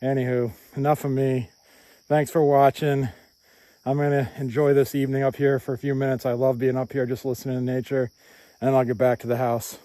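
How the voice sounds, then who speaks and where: A man's voice: mid-range voice, little pitch movement, fairly quick, mellow, no room sound. A man hiking and filming himself on a handheld phone outdoors, upbeat and chatty, repeating himself and laughing often, sometimes out of breath on hills. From New Hampshire, USA. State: out of breath while walking uphill. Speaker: hiking vlogger. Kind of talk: casual outdoor vlog. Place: outdoors on hilly rural roads and hilltops. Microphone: handheld phone camera.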